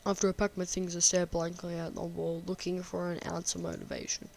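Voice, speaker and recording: A woman's voice: lowish voice, completely flat delivery, brisk, gravelly, darkish tone, slight background noise. A woman giving casual, sarcastic gameplay commentary and reading game text aloud, swearing freely. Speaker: game streamer.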